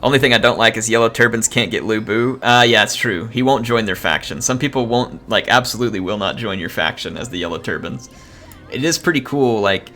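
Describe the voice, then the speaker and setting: A man streaming live gameplay, chatting in a loose, excitable way, explaining mechanics and thanking viewers. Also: lowish voice. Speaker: gaming streamer.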